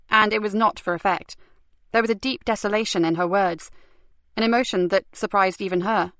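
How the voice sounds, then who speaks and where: A woman narrating a crime novel audiobook with measured, even storytelling. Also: medium pitch, no echo. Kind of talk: scripted narration.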